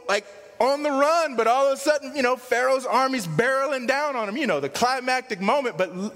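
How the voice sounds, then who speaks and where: A male pastor preaching a sermon in an animated way, swinging from loud excitement to hushed emphasis. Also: sits high, big-room sound.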